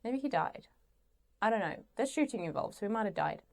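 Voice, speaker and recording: Young woman, mid-pitched voice, sarcastic exasperated vlog rant, swears, rambles. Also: animated, a little fast, creaky. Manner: rambling with restarts and asides. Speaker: channel host. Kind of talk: ranting commentary.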